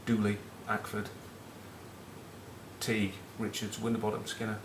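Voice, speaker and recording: With a completely flat delivery, a little slow and fairly low in pitch, a middle-aged former rugby captain from northern England speaks in a Northern English accent. He rambles through casual rugby chat, cheeky and sweary, with match talk and anecdotes. The audio is reverberant with background noise.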